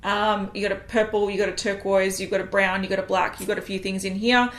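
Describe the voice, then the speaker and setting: A woman's voice: medium pitch, level tone, quick pace, a bit bright. A woman co-hosting a casual makeup chat, frank and chatty with many ums. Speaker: beauty co-host. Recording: roomy echo.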